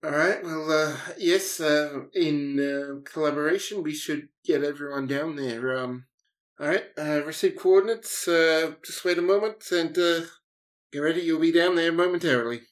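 A game master narrating a tabletop game, hesitant, with many fillers and pauses. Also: medium pitch.

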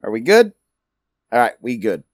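A man's voice: mid-range voice, very animated, moderate pace, dry recording, clean studio sound. A man narrating as game master for a tabletop game, rambling and stopping often to hunt for words. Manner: rambling, many fillers.

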